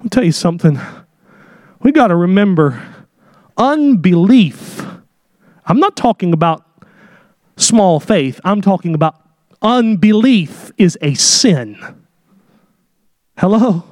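A man with a high voice preaches a sermon, heard dry and close with no room sound. His delivery is dramatic, and he acts out the people in his story and builds to shouted peaks. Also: sing-song, takes it slowly, long pauses, dry recording.

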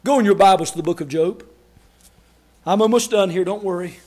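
A man preaching a sermon, acting out quotes and shouting key lines for emphasis. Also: high-pitched, brisk. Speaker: pastor.

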